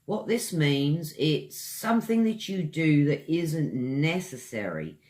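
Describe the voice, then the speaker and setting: An English teacher with a British accent runs an online pronunciation lesson, slowly stretching out each word and chatting with viewers between examples. His voice is a little high, expressive, and slightly mellow.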